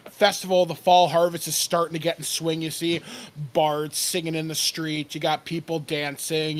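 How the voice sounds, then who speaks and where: A man narrating a tabletop game as game master, relaxed and rambling, laughing often. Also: a little high.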